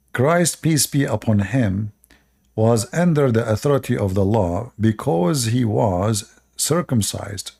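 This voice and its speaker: Husky, gravelly man lecturing viewers. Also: on the low side, darkish tone. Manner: lecturing, rhetorical questions, repeats short commands; non-native English grammar. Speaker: online channel host. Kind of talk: preachy advice monologue to viewers.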